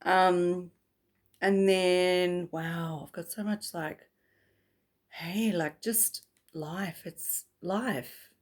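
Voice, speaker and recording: A woman's voice: on the low side, very slow, husky. A woman vlogger talking casually to camera, rambling and chatty, breaking into laughs often.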